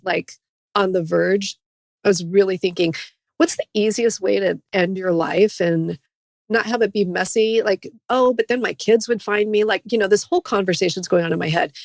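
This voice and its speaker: A woman's voice: mid-range voice, dry recording, clean studio sound. A middle-aged woman sharing her personal story as a podcast guest, speaking earnestly about healing and faith. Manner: earnest, faith-based testimony.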